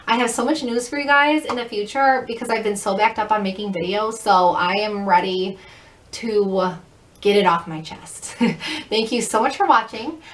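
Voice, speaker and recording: Chatty, quick-talking woman vlogger, mid pitch, recorded in an echoey room a little off mic. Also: a bit bright, far from the mic. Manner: fast, chatty, upbeat. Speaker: thrift reseller vlogger. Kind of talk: casual haul vlog.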